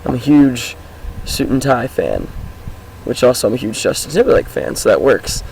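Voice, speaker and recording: A teenage boy talking casually outdoors about his life, with a groggy, hoarse voice and a rambling, upbeat manner. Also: medium pitch, big pitch swings, normal speed, a little mellow, slight background noise, poor audio. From Washington State, US. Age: teens. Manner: rambling, upbeat, many fillers. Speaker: high school student vlogger. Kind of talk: casual self-introduction vlog. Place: outdoors, sitting on his car.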